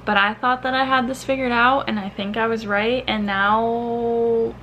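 A woman's voice: on the high side, steady tone, unhurried, highs cut off, slight background noise. A young woman vlogger from the American Midwest, talking casually and emotionally about a book she loved, teary-voiced, with frequent sighs and trailing-off restarts. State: teary, crying.

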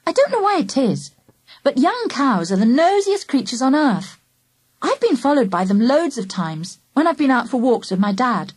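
A woman narrating a children's story aloud in a lively, animated first-person voice. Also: high-pitched, moderate pace, breathy edge, no echo. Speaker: audiobook narrator.

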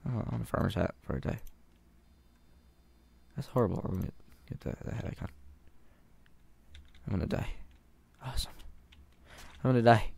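A man's voice: fairly low pitch, brisk, vocal fry, pauses often, darkish tone, husky. A man giving gameplay commentary, panicking, pleading and swearing, laughing at himself. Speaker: gamer.

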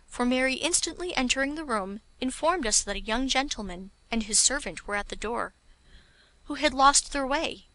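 A woman narrating a classic story as an audiobook, in a measured, clear reading. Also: on the high side, sharp tone, no echo.

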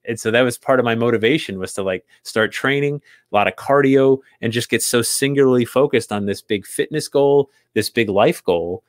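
A man's voice: medium pitch, a bit bright, no room sound. Guy in his 40s from new england, earnest storyteller, kinda repeats himself, dry close sound. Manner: earnest, reflective, repeats words when he restarts. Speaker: author guest. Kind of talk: casual interview storytelling.

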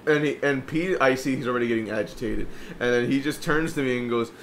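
A man's voice: mid-range voice, fast talker, background noise. A young man co-hosting a podcast, telling a profane story in casual chat and acting out the people in it. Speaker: podcast co-host.

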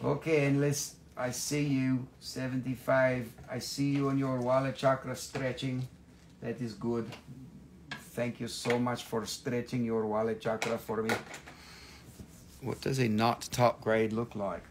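There's a little hiss or hum behind this man's mid-range voice, which moves little in pitch and runs a bit slow. He hosts a livestream selling rocks and minerals, keeping the chat casual, joking, and sprinkled with swearing as he teases viewers.

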